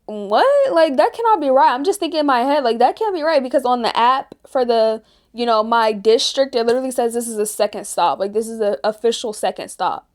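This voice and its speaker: Chatty teenage girl vlogger, fairly high voice. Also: a little fast. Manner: chatty, ranting, lots of "like". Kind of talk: casual chat.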